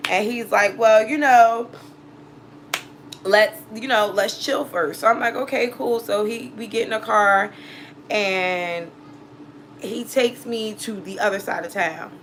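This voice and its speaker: A New woman tells a personal story in an unpolished, profane vlog voice. She sits in a middle pitch for a woman and jumps into quoted back-and-forth dialogue. A faint room ambience hangs behind her. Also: takes it slowly, fairly bright tone, a little hiss or hum, rough recording. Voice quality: blunt and profane, acts out both sides of dialogue. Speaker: tarot reader and channel host.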